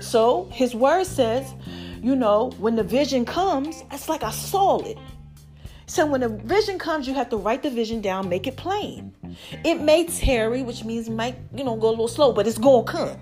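A woman with a high, lively voice talks straight to her viewers in a chatty, preachy way. She swings between excited emphasis and quieter asides while encouraging them. Soft music sits faintly in the background. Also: normal speed. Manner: animated, preachy, addresses viewers as y'all. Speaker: vlogger. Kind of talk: motivational faith talk to viewers.

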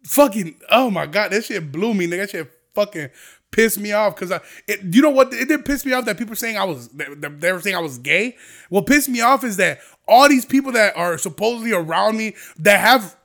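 A man with a high, bright, cutting voice holds forth on his podcast. He rants in a heated, profane way, circling back and restarting as he goes. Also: expressive, fairly quick. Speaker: podcast host. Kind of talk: casual ranting monologue.

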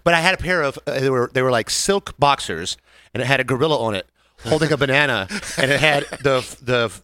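A man's voice: medium pitch, a little fast, pushed and bright, dry recording. A man hosting a podcast in a studio, telling crude, joking stories in casual chat. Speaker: podcast host.

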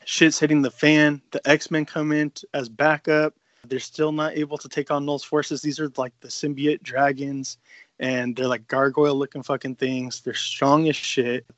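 Excitable, profane man recapping a comic. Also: fairly high pitch, moderate pace, no echo, dull audio. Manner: excitable, profane, rambling storyteller. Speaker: podcast co-host. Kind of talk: casual chat recapping a comic.

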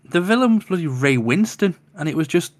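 A man co-hosting a casual podcast chat, talking quickly and insisting on his facts. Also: fairly high pitch, expressive, no echo, clean studio sound.

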